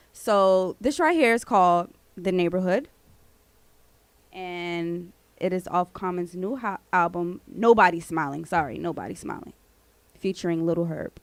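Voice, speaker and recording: A woman's voice: medium pitch, no room sound. Bantering radio co-host woman, dry mic. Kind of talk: casual radio chat.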